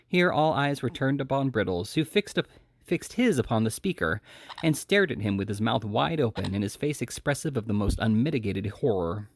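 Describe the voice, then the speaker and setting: A man reading a classic novel aloud as an audiobook, lively and expressive, with small slips and restarts. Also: medium pitch, moderate pace, dry recording. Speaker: audiobook reader.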